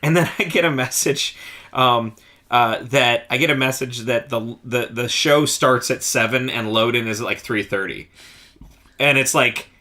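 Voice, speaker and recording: Male band member co-hosting a casual podcast; bright tone, rambling delivery, laughs a lot. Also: medium pitch, moderate pace. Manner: rambling, laughs often, lots of fillers. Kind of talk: casual chat.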